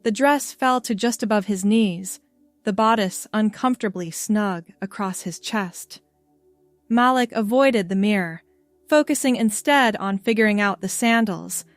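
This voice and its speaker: Brief: woman storyteller, mid pitch, steady read, dry close sound, faint music. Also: measured pace, no echo. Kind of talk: scripted narration.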